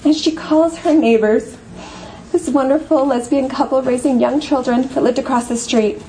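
Earnest high-voiced woman telling a story. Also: steady tone, normal speed, dark tone, a little hiss or hum, poor audio. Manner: earnest, heartfelt, with repeated phrases. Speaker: guest speaker. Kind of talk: emotional storytelling speech.

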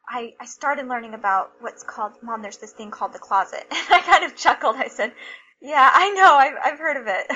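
A middle-aged woman telling a personal story as a mother, emotional and halting, with many restarts. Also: fairly high pitch, sharp tone, highs cut off, slight background noise.

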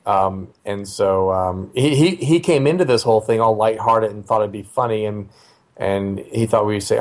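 Speaking in a fairly low pitch, this middle-aged dad recounts a story about his own family. His delivery is relaxed and chatty, full of filler pauses and restarted sentences.

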